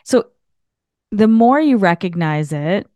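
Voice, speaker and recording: A woman host from Canada telling a spiritual story in an animated, chatty way, full of filler words. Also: mid-range voice, slow, no echo, lo-fi sound.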